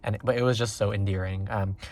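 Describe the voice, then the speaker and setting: A man giving a casual pick-a-card tarot reading, talking in a rambling, excitable way with lots of fillers and sudden leaps up in pitch. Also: quick pace. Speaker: tarot reader.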